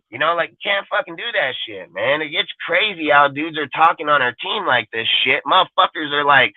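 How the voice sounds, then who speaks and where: A man's voice: a little high, dry recording. A man hosting a sports talk show, ranting in a profane, fired-up way about his team. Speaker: podcast host. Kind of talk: casual sports rant. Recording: dry, phone-like lo-fi audio.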